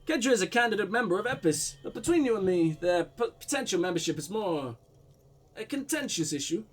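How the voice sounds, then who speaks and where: Guy doing a suave evasive diplomat, fake russian-german accent, bouncy highish voice. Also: very animated, a little fast. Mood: smooth, evasive. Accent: mock Russian-German blend. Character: smooth evasive male foreign diplomat, middle-aged.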